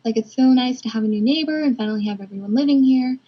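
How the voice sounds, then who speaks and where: A woman voicing a friendly, chatty woman neighbor in a storyboard read-through, higher than her own talk. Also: fast, slightly rough, muffled recording. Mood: welcoming.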